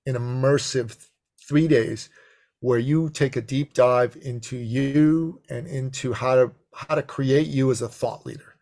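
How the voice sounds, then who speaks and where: A middle-aged man telling an expressive, animated story as a podcast guest. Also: measured pace. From Persian heritage. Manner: expressive, swings to high excited pitch in quotes. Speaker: podcast guest, business coach.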